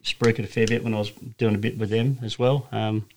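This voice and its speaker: A man's voice: lowish voice, flat delivery, fairly quick. A man with an Australian accent, a racing driver telling rambling stories in a casual podcast chat, full of fillers and restarts. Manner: rambling anecdotal storyteller, many fillers and restarts.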